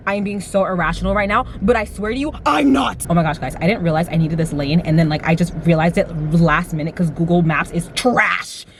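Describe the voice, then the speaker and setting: A woman's voice: lowish voice, brisk, few pauses, a little hiss or hum. A woman in her twenties chatting casually to the camera, dramatic and full of fillers, acting out little quotes as she talks from inside a car. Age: 20s. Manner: chatty and dramatic, heavy use of "like", acts out quotes. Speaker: vlogger. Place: inside a car while driving. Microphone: camera mic.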